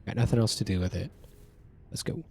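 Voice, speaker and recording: Relaxed man reading game text aloud. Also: on the low side, brisk, soft background music. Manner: relaxed, joking, muttering asides. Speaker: game streamer.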